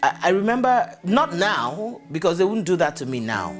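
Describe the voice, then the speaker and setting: A middle-aged woman with a Nigerian English accent tells candid stories about her childhood, chatty and quick to laugh. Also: on the low side. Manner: lively, chatty, breaks into laughter. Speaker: interviewee. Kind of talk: candid personal storytelling. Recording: voice over guitar music bed. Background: guitar music.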